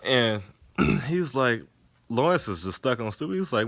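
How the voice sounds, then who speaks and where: A man casually reviewing a TV episode from his couch, retelling scenes in a profane, animated way and acting out the characters' lines. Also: medium pitch, moderate pace, creaky, dry recording. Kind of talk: casual recap and commentary. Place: sitting on a couch indoors.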